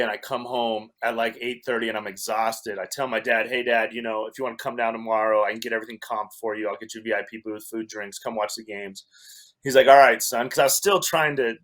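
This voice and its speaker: Male podcast guest, animated storyteller, wry and self-deprecating, average pitch. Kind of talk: storytelling in a casual chat.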